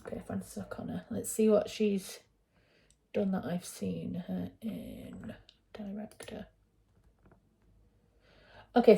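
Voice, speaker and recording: A northern woman with a Yorkshire accent talks through a film trailer in a relaxed, chatty way. Her voice is mellow and warm, sitting at a middle pitch. She wanders off on tangents, filling her pauses and correcting herself as she goes. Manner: chatty and digressive, with frequent fillers and self-corrections. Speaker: writer and channel host. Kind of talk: casual trailer reaction commentary.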